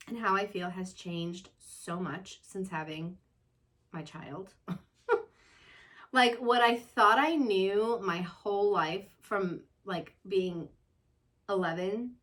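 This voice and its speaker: A woman's voice: medium pitch, fairly bright tone. A young woman talking casually to camera from a room at home, chatty and rambling with lots of fillers. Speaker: vlogger.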